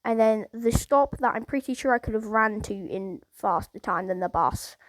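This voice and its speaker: A woman's voice: mid-range voice, moderate pace, dry recording, poor audio. A woman casually telling a rambling story, peppered with "like" and "obviously".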